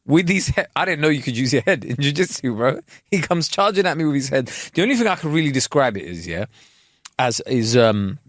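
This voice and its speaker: A man co-hosting a podcast, telling a story with lots of slang. His pitch swings widely as he talks. The sound is dry and close. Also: sing-song, a little fast, no room sound. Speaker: podcast co-host. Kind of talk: casual chat.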